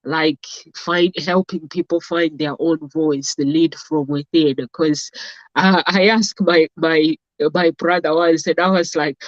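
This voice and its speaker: This African woman, a talk show host, chats casually and wanders through her stories with lots of fillers, especially "basically" and "uh." She speaks unhurriedly in a fairly low pitch, captured in a flat, dry, lo-fi recording without echo.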